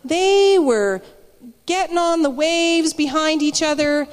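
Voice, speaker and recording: A woman with a high voice delivers an informal sermon as if chatting with friends. She tells personal stories and often stops to restart a thought. Her voice carries a long reverb from the hall. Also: slow. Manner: chatty, storytelling, with frequent restarts. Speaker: church speaker. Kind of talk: casual spoken sermon.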